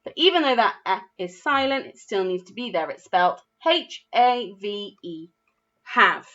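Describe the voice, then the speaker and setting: A woman with an English accent teaching a phonics lesson to young children, spelling words out slowly and praising their efforts. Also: mid-range voice, lively intonation, fairly bright tone, dull audio. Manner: slow, clearly spelled-out words with encouraging praise. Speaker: primary school teacher.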